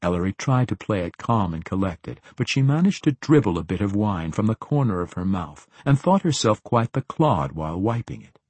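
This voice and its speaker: Male audiobook narrator, steady fantasy reading, dry close sound. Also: lowish voice, slightly rough, no room sound. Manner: steady, measured storytelling.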